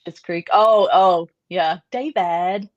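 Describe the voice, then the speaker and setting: Brash New York woman with lively pitch. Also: a little fast, no echo, lo-fi sound. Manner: brash, laughs often. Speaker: host. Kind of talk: casual chat on a live stream.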